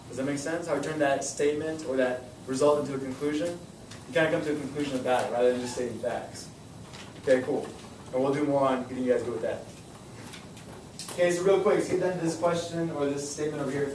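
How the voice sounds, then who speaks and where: A man's voice: on the high side, fast, slight background noise. Young man teaching a science class. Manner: energetic, repeats questions to students. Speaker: high school science teacher. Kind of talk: classroom lesson. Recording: echoey classroom from far off.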